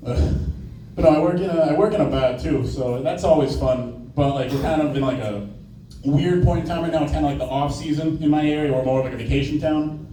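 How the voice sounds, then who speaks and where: A man's voice: fairly high pitch, fairly quick, far from the mic. A young man doing a casual, profane stand-up set, telling stories and slipping into brief put-on voices. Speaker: stand-up comedian. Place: small open-mic room. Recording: echoey room from off-mic, faint noise.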